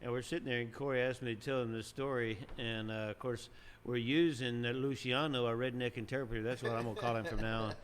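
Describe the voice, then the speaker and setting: A man casually telling funny stories, animated and often laughing, his voice jumping up at the punchlines. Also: medium pitch, quick pace, hardly any pauses. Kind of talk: storytelling, casual chat.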